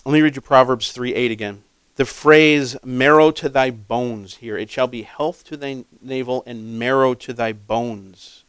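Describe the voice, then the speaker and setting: A man preaching in a casual, questioning tone that builds to loud emphasis when he drives a point home. His voice sits at an ordinary middle pitch. The sound is dry and close, with no room echo. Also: fairly even intonation, a little slow, clean tone. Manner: conversational, asks the audience questions. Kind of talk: sermon.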